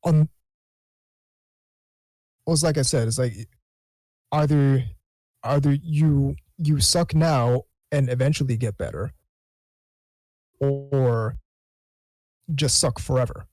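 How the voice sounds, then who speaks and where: A man talking as a guest on a casual podcast, halting and thoughtful, often restarting his sentences. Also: medium pitch, a little mellow, dry recording, poor audio.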